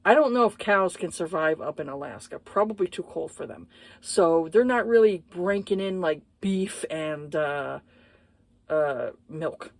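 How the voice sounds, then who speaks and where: A woman's voice: on the low side, animated, unhurried, gravelly, no echo. A woman giving a casual book review, blunt and profane, exasperated, with lots of hesitant fillers.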